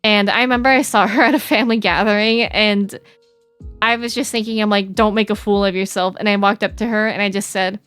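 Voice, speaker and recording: A woman's voice: medium pitch, fairly even intonation, brisk, a bit bright, clean tone, no echo, soft background music. A young adult woman streaming, chatting casually with her chat in a bubbly, giggly, rambling way.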